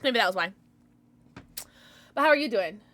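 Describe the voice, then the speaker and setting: A woman's voice: mid-range voice, animated, moderate pace, fairly bright tone, dry recording. A woman in her thirties chatting casually with her stream viewers, affectionate and full of fillers.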